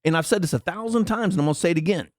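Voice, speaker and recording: A man's voice: sits high, very fast, no room sound, clean studio sound. A man, ranting sarcastically and indignantly in political commentary. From Tennessee. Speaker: commentary vlogger.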